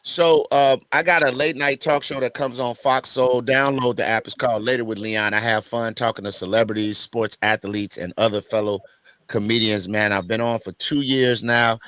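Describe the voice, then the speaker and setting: A man's voice: mid-range voice, steady tone, moderate pace, fairly bright tone, smooth, no echo. A middle-aged man, a comedian, cracking brash jokes and swearing in loose banter on a video call. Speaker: comedian guest.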